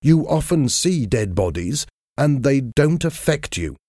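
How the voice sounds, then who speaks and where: A man's voice: medium pitch, big pitch swings, unhurried, darkish tone, no echo, studio quality, pitched above the performer's own voice. A man voicing a desperate young man who pleads and then threatens, in a storybook reading. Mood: pleading. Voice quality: pleading, urgent.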